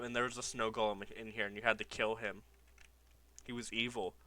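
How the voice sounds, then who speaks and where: Bright-voiced young man narrating gameplay. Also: mid-range voice, a little slow, faint music behind. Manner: nostalgic, laughs often, reads old signs aloud. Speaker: gaming YouTuber. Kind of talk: casual gameplay commentary.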